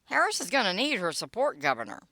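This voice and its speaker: A woman's voice: mid-range voice, huge pitch swings, fast, bright, forceful tone, no room sound. An older woman reading her own political blog post aloud, wry and sarcastic, with dry asides. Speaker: political blogger and podcaster.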